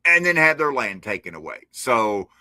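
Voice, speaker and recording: A man's voice: medium pitch, sing-song, normal speed, bright, forceful tone, no echo. A man, a podcast guest talking casually in an impassioned, sardonic rant over a remote call. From Appalachia. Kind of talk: casual conversation. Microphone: remote streaming call.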